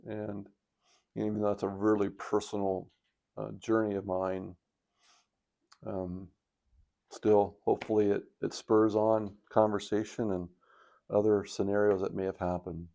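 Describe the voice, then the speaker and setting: An older man in retirement telling a personal story on his video blog, reflective and halting with a touch of emotion, sitting by a fire at home. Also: lowish voice, little pitch movement, vocal fry, dark tone. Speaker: vlogger. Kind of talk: casual storytelling. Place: indoors by a fireplace at home.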